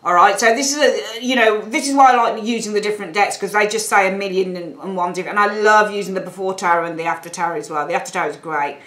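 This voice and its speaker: A woman's voice: medium pitch, fast, few pauses, fairly bright tone. A woman with a British accent giving a chatty, rambling tarot reading, with lots of asides to her viewers. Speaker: tarot reader. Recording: echoey room.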